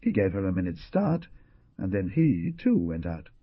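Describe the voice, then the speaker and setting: Brief: male audiobook narrator, low and husky, dramatic, dry, muffled lo-fi recording. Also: moderate pace, no echo. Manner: expressive, dramatic.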